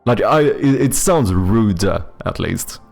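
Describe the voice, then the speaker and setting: A man's voice: fairly low pitch, expressive, takes it slowly, vocal fry, faint music behind. A man, chatting casually with viewers on a live stream while playing a word game, thinking aloud and swearing freely.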